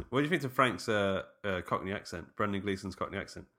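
A man's voice: fairly low pitch, brisk, fairly bright tone. A man co-hosting a casual film podcast, rambling with many fillers. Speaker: podcast co-host.

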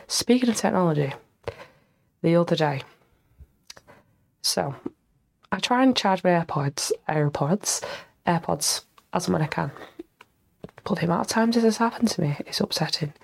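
Stuffy, gravelly woman rambling. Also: fairly low pitch, animated, moderate pace, pauses often. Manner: rambling, chatty, self-mocking, sweary. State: stuffy-nosed from a cold, tired. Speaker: podcast host. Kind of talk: casual solo podcast chat.

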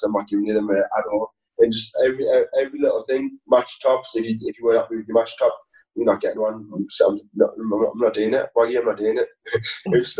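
A man's voice: medium pitch, dark tone, far from the mic, rough recording. A man talking as a footballer guest in a casual interview, rambling and laughing with many restarts.

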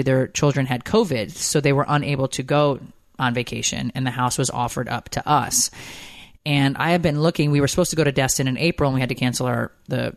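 A woman in her forties co-hosting a casual chat show, telling stories in an animated, rambling way. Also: very deep voice, vocal fry, dry recording, studio quality. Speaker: podcast co-host.

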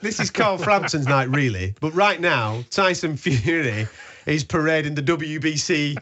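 Chatty radio host. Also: male voice, on the high side, expressive, unhurried, fairly bright tone. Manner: chatty, jokey, bantering with co-hosts. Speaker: radio boxing show host. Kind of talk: live sports radio talk.

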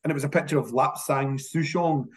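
Scottish man, casual interview guest, lively storyteller who doubles up words when he restarts. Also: fairly high pitch, fairly quick. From Scotland. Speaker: whisky industry guest.

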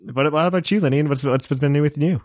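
A man's voice: a little high, quick pace, no room sound, studio quality. A man in his late twenties co-hosting a casual chat, rambling with lots of fillers and poking fun at himself. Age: 20s. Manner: rambling, filler-heavy, self-mocking.

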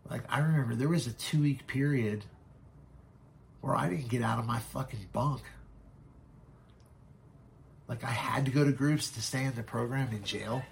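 A man telling his own story as a podcast guest, frank and halting, swearing often. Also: mid-range voice, gravelly, a little hiss or hum. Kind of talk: candid personal storytelling.

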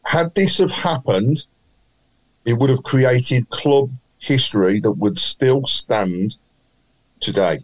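A Birmingham man at a mid pitch runs a football quiz among friends, dragging out each clue. His voice sits close and dry on the mic. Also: no echo, rough recording. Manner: teasing, drawn-out quiz clues. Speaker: quiz host. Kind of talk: casual podcast banter.

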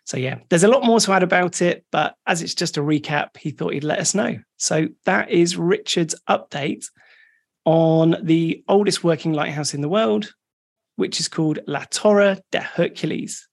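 A podcast co-host in easy, casual conversation, going back over updates and facts sent in by listeners. The delivery is relaxed and sits at a middling pitch, with nothing forced about the pace. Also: normal speed, gravelly. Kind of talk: casual chat.

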